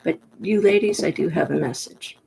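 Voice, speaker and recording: A woman with a gruff, gravelly voice talks to her camera in a loose, rambling way. She grew up in the New York Pocono area and speaks frankly, drifting from one thought to the next, with faint noise in the background. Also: deep voice, moderate pace, warm tone, rough recording. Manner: chatty, digressive, frank. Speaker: vlogger. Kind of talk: casual rambling monologue to camera.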